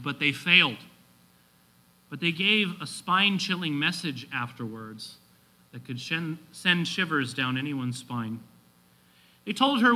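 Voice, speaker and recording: A man's voice: a little high, sharp tone, rough recording. A male pastor preaching a sermon from his manuscript, reading quotations and building to emphatic exhortation.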